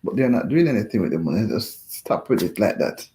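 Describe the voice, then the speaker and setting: A man's voice: fairly low pitch, very animated, brisk, dark tone. A man hosting a casual livestream chat, talking in a rambling, indignant way and repeating himself.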